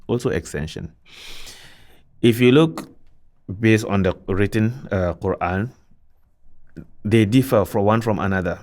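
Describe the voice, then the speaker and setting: A man with a low, steady speaking voice explains recitation rules in an unhurried lesson. He repeats his points, poses questions and answers them himself, and breaks into chanted verses as examples. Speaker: Quran recitation teacher.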